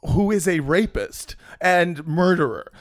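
Man, high voice, casual profane film recap, halting restarts, dry close sound. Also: lively intonation, no echo. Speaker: podcast co-host recapping a film. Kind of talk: casual comedic chat.

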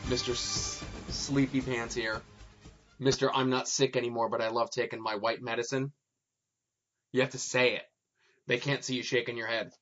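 A man's voice: medium pitch, level tone, moderate pace, fairly bright tone, soft background music. A man talking playfully and teasingly to his child in casual chat. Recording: dull lo-fi sound.

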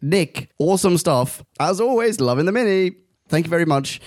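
A man's voice: fairly high pitch, animated, moderate pace, no room sound, studio quality. A man co-hosting a casual podcast, reading out listener reviews in a playful, chatty way. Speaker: podcast co-host.

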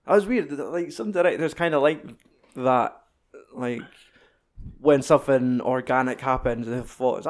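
A man's voice: mid-range voice, measured pace. Sweary Scottish man chatting about films. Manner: sweary, jokey, acts out film lines in other voices. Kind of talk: casual chat about films.

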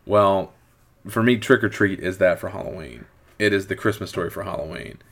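A man's voice: sits low, expressive, fairly quick, vocal fry, fairly bright tone. A middle-aged man chatting casually about a movie he loves. He rambles, repeating words as he works out his thoughts. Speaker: podcast host. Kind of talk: casual movie review chat.

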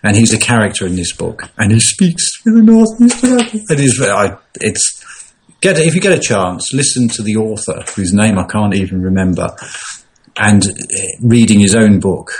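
A man chatting casually as a regular panelist, rambling and hesitant with many pauses. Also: fairly low pitch, slight background noise. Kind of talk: casual chat.

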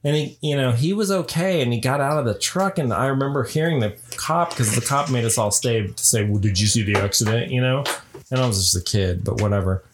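A man's voice: mid-range voice, fairly quick, slight background noise. A middle-aged man co-hosting a podcast in casual chat, telling stories animatedly with many "like"s and "you know"s. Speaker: podcast co-host.

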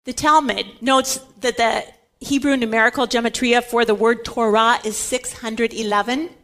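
A woman's voice: on the high side, steady tone, normal speed, fairly bright tone. A woman giving a Catholic Bible teaching talk, emphatic and repeating words for stress.

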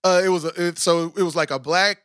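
High, bright-voiced American man hosting. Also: brisk, smooth, dry recording, studio quality. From United States. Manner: animated and talkative, with frequent fillers. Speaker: podcast host interviewing a guest. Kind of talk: casual chat.

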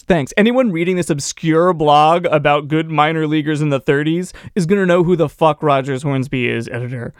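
A man's voice: fairly high pitch, normal speed, few pauses, clean tone, dry recording, clean studio sound. A man co-hosting a podcast, chatting casually about baseball history in a rambling, joking way with many fillers. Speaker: podcast co-host.

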